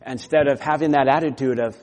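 A man's voice: mid-range voice, steady tone, fast talker, a little mellow. A man preaching a sermon with earnest, conversational delivery and personal stories. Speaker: pastor. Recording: long hall reverb.

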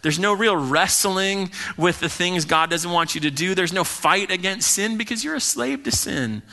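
A young man preaching a sermon as pastor, earnest and emphatic, now and then voicing people in quick asides. His voice sits a little high and rings bright and forceful. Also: expressive.

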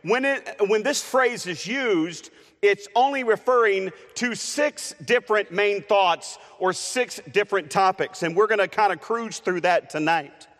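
Guy preaching to a youth crowd, easygoing, lots of uh's, high-ish voice bouncing around a big reverby sanctuary. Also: unhurried, fairly bright tone. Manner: conversational, with frequent "uh" and restarts; playful with the congregation. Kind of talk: sermon. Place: church sanctuary. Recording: long reverb of a church hall.

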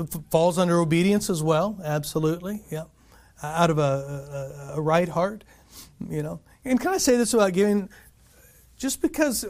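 A man pastor giving an earnest, animated sermon, often restarting phrases and putting questions to the congregation. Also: high-pitched.

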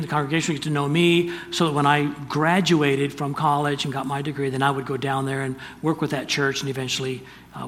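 An older man giving a sermon, telling a personal story in an earnest, halting way with restarts. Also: on the high side, fairly bright tone, slight background noise. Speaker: pastor. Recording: distant reverberant hall, faint ambience.

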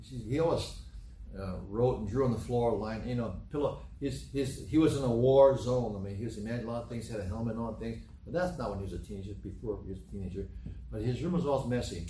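A man's voice: medium pitch, fast talker, dark tone, a little hiss or hum. A middle-aged man preaching a sermon as pastor, telling homely stories with a folksy, repetitive manner. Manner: folksy storytelling, repeats himself. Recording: roomy, from a distant mic, faint ambience.

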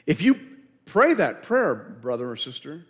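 A man's voice: a little high, very animated, measured pace. A man preaching a sermon as pastor, emphatic, repeating key words and asking the congregation questions. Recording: long hall reverb.

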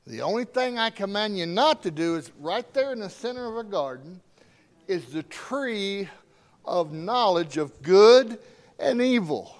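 Preacher guy doing god giving the command, high and slow, very emphatic. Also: expressive. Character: God commanding the first man, male.

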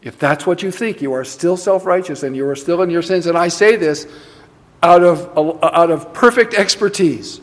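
A man's voice: high voice, moderate pace, long reverb tail. A man preaching a sermon from the pulpit, emphatic and repeating words for stress. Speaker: pastor. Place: church sanctuary.

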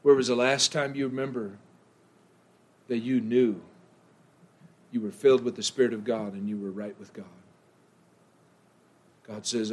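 A male pastor preaches in church somewhat slowly, with a steady tone and frequent pauses. His sermon shifts between quiet, low lines and loud, passionate outbursts.

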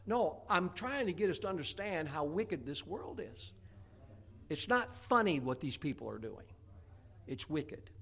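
A man preaching from the pulpit with a somewhat high voice. He talks in a folksy, storytelling way and breaks into emphatic bursts to drive his points home. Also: very animated, measured pace, creaky, fairly bright tone, breathy edge. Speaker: pastor. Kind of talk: sermon.

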